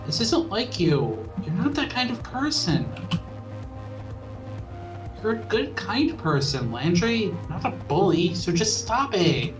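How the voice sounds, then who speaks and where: A man reading a gentle, pleading young man. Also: high-pitched, sing-song, takes it slowly, far from the mic, over music, heavily acted, low-quality recording.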